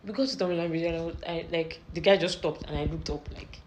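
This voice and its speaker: Low-voiced Nigerian woman telling a story. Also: fast talker, a little hiss or hum, low-quality recording. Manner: rambling, animated retelling with repeated phrases. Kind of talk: casual storytime.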